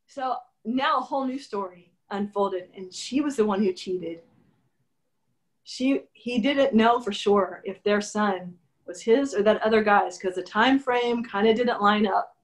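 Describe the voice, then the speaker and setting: A woman novelist answering interview questions in a conversational way, animated and often acting out her characters' lines. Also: medium pitch, normal speed. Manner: animated, acts out character dialogue.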